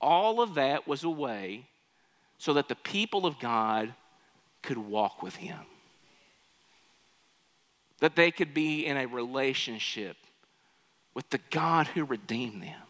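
A man preaching a sermon, swinging between loud, pleading cries and quiet, conversational asides. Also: medium pitch, lively intonation, takes it slowly, pauses often. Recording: hall with long reverb.

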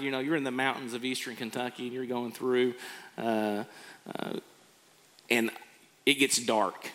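A man's voice: mid-range voice, flat delivery, measured pace, long pauses, fairly bright tone. A man preaching a sermon, earnestly acting out people's reactions. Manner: earnest, acts out quoted reactions. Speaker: pastor. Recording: long hall reverb.

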